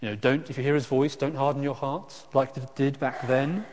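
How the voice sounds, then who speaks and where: A man preaching a sermon in a conversational way, with frequent restarts and lively asides. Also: medium pitch, moderate pace, slight background noise. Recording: echoey hall reverb.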